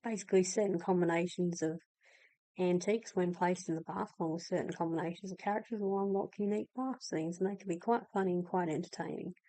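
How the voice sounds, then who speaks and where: A woman hosts a relaxed video about game lore in a mellow, warm voice. She talks in an easy, explanatory way, with small asides and fillers. The sound is dry and close. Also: on the low side, fast talker, dry recording, low-quality recording. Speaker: host. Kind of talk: casual game lore talk, reading in-game texts aloud.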